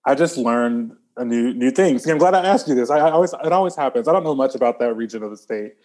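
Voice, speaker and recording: Man, podcast host, upbeat, encouraging, mid pitch, casual. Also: animated, quick pace, darkish tone. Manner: upbeat, encouraging, many fillers. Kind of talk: casual interview chat.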